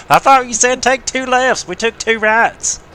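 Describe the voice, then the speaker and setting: A man's voice: very high voice, bright, forceful tone, voice pushed up, exaggerated voice. A man putting on a goofy voice of a lost country redneck, hollering with an exaggerated twang. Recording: noisy game sounds behind.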